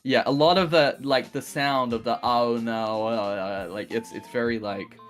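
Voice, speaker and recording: An Australian man rambling through a loose, laugh-filled stream chat, his voice pitched at an ordinary middle height. He swears freely and restarts his sentences as he goes. Faint guitar music plays underneath him. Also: lively intonation, normal speed, fairly bright tone. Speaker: guest.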